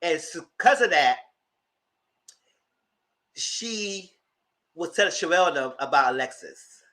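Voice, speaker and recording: A man recaps reality TV in a loose, chatty way, dishing on the cast like gossip with friends. His voice sits high and bright, with a sharp edge. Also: animated, slow pace. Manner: gossipy and dramatic, talks to the audience as "girl". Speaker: TV recap vlogger. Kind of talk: casual reality-TV recap commentary.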